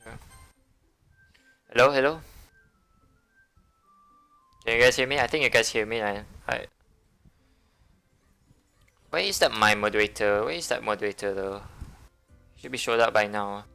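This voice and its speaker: A male game streamer with a bright, crisp voice chats casually with his viewers and reads game narration. He talks in a chatty, stumbling, self-amused way. Faint music runs behind him. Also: lowish voice, unhurried, long pauses.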